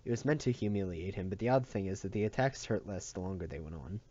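Low, mellow man reading a novel aloud. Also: animated, quick pace, lo-fi sound. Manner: plain reading with slips and restarts. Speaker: audiobook reader.

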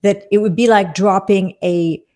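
A woman's voice: medium pitch, steady tone, normal speed, dark tone. A woman hosting a casual podcast conversation, chatty and amused, often jumping in. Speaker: podcast host.

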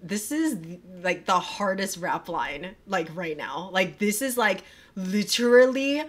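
A woman streamer reacting live in a casual, excitable way, swearing a lot and filling her talk with "like". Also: mid-range voice, slow pace. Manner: gushing and excitable, swears a lot, full of "like" fillers. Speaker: streamer reacting to a music video. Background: music from the video playing.

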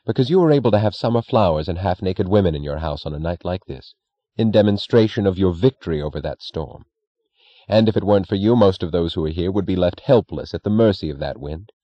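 A man voicing a composed young male aristocrat who speaks with calm, quiet composure, in an audiobook reading. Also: sits low, no room sound. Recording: dry, dull lo-fi recording.

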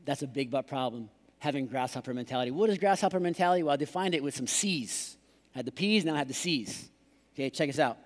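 A man preaching a lively sermon as pastor, joking and putting on voices to act out excuses. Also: medium pitch, quick pace. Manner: playful, acts out excuses in put-on voices. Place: large church hall. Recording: live church hall reverb.

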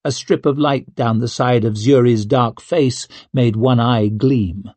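A man reading an audiobook as narrator in a measured, even manner. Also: mid-range voice, no room sound. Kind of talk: scripted narration.

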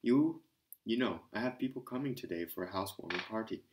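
A man voicing a hearty, impatient young man who lectures and scolds loudly. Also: on the low side, animated, brisk, background noise, natural voice. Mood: scolding. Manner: blustering, hectoring.

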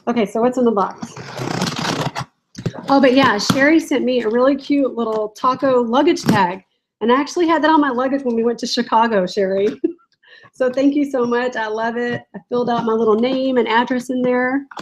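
A chatty woman with a slightly high voice, talking casually to viewers on a live stream from home. She giggles often and reads comments aloud as she goes. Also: normal speed, slight background noise, low-quality recording. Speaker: reseller vlogger. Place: home, in a room with barking dogs.

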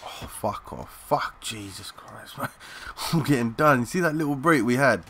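A young man giving excitable, swearing live commentary while playing a shooter, calling out to teammates in slang. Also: medium pitch, normal speed, gravelly, a little hiss or hum. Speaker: gaming channel host.

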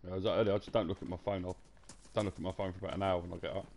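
A man talks on a live stream at a rapid clip. His voice is gravelly with a lot of fry. His chat is blunt, slangy and laced with swearing. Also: deep voice, little pitch movement, a little mellow.

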